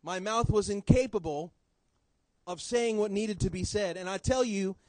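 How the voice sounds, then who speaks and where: A man preaching a sermon in church, swinging between loud emphasis and quiet low drops. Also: normal speed, dry recording, rough recording.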